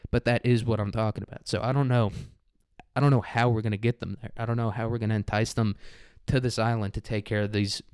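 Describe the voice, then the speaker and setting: A man's voice: on the low side, a little mellow, no echo, studio quality. A man hosting a podcast, rambling through a crude, irreverent comedy monologue full of "like" fillers. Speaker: podcast host.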